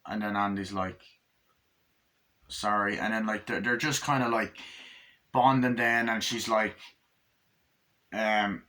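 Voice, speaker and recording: A man giving a casual movie review, retelling scenes in an animated way with lots of swearing and fillers. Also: lowish voice, slow pace, long pauses.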